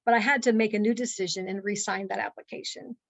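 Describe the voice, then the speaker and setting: A woman in her forties telling a personal story on a call, earnest and halting, with many fillers and restarts. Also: mid-range voice, fairly even intonation, creaky, no room sound, poor audio. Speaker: guest speaker.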